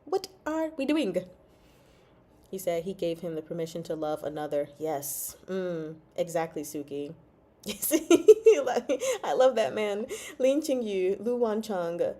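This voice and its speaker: A woman's voice: lowish voice, very animated, slow, warm tone. A woman hosting a casual livestream chat about a novel, laughing often and reading out chat comments. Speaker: book club host.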